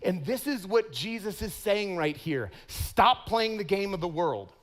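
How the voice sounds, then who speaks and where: A man's voice: high voice, very animated, measured pace. A man preaching a sermon in a playful, self-mocking way, laughing often and putting on voices for stories. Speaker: pastor.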